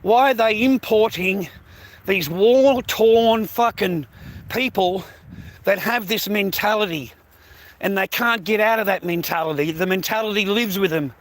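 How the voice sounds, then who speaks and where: Australian male, high bright voice, swearing and ranting into a phone camera. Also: normal speed. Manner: profane, aggressive, heavy slang. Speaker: social media poster. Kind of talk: angry ranting monologue.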